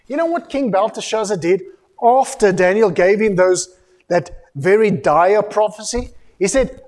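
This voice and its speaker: A man's voice: high voice, moderate pace, in a large hall. A male pastor preaching a sermon, acting out the dialogue of biblical figures and turning emphatic when he rebukes. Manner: animated storytelling preacher who acts out biblical dialogue.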